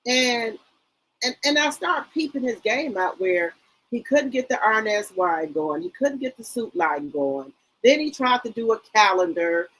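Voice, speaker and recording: A woman's voice: a little high, fairly bright tone, husky, poor audio. Chatty woman hosting a live chat. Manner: chatty, greets viewers by name, trails off with fillers. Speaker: livestream host. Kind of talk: casual live chat reading viewer comments.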